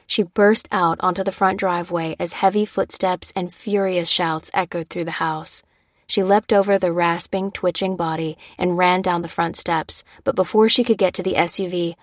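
A woman narrating a thriller audiobook in a steady, measured way. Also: lowish voice, no room sound, clean studio sound.

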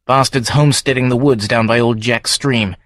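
A man voicing a gruff, sweary village man. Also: medium pitch, fairly even intonation, normal speed, fairly bright tone, dry recording, studio quality, natural voice. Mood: irritable. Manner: blunt and sweary. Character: gruff irritable male villager, worried about farms.

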